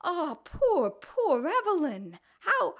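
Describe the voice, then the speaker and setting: A woman's voice: very high-pitched, wildly swooping pitch, slow pace, fairly bright tone, voice pushed up, full character voice. A woman voicing an impatient, insistent grown daughter who pleads and snaps at her mother. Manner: pleading, snippy.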